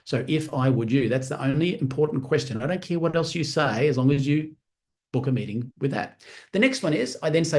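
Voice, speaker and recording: Man, fairly high voice, energetic sales coach, live-stream training talk, acts out phone calls. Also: fairly quick. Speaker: network marketing trainer. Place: room on a live stream with screens.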